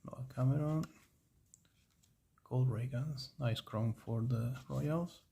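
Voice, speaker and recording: Gravelly-voiced man streaming a card break. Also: medium pitch, takes it slowly, warm tone. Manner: chatty, rambling, reading off player names.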